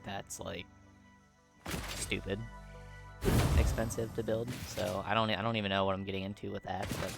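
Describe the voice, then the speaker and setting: A man's voice: low voice, level tone, moderate pace, gravelly, long pauses. A man losing his voice, rambling casually as he plays and comments on a factory-building game. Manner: rambling, filler-heavy, laid-back. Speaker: gaming video creator. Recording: loud game music behind.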